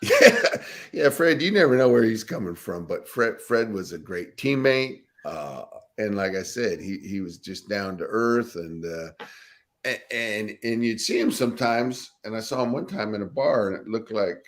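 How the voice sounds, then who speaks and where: A man's voice: fairly low pitch, normal speed. An older man, a former football linebacker, telling laughing stories in a casual interview. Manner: laughing, animated anecdotes with acted quotes.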